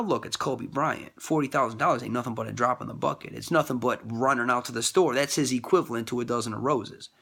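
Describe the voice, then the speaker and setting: In a rambling, casual monologue about faith and love, a man repeats himself and jumps up in pitch whenever he quotes other people. His voice is creaky, bright, and forceful.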